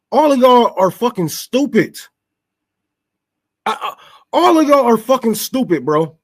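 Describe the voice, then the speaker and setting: A man with a high voice rants straight to his audience. He fires off rhetorical questions, swears freely and stumbles over repeated words as he goes. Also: big pitch swings, normal speed. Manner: profane, stammering, rhetorical questions. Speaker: show host. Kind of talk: unscripted political rant.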